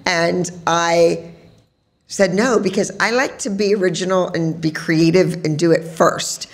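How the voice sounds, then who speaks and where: Woman podcast host, gravelly and low, chatty storyteller on a live stage. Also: steady tone, measured pace. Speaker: podcast host and dance teacher. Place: sports bar, live show.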